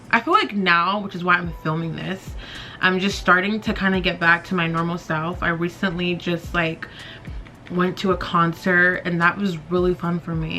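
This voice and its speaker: A beauty vlogger in her twenties, with a lowish, bright and forceful voice, does her makeup in her bedroom. She chats candidly and rambles, filling her speech with lots of fillers.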